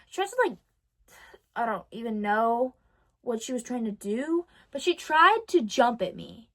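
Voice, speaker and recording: In a casual diary vlog, a teenage girl speaks directly to the camera in a high voice. She tells her story with animated, dramatic ups and downs, pausing to correct herself before rushing ahead.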